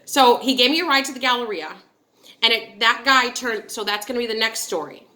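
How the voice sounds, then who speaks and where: This is a woman in her thirties, originally from upstate New York, who chats straight to her viewers. She tells a candid personal story that wanders off into asides as she goes. Her voice sits a little high and sounds bright and sharp. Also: brisk. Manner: candid, chatty and digressive, with frequent asides. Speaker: vlogger. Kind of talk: casual storytelling.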